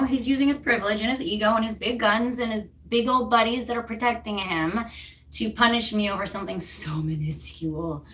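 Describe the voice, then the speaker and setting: A woman's voice: mid-range voice, a bit bright, recorded from a distance. A woman co-hosting a casual talk stream, telling her story in a heated, emphatic way. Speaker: co-host. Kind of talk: casual chat.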